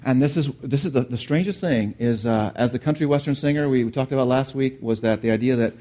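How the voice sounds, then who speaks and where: A middle-aged man preaching a sermon, telling a lively childhood story and asking the congregation questions along the way. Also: mid-range voice, fast talker, few pauses. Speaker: pastor.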